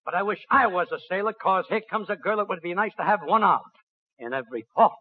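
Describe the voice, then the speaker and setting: A man's voice: sits high, expressive, quick pace. A man hosting a 1940s radio comedy show, wisecracking and laughing at his own jokes. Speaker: host. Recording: tinny old radio broadcast with hiss.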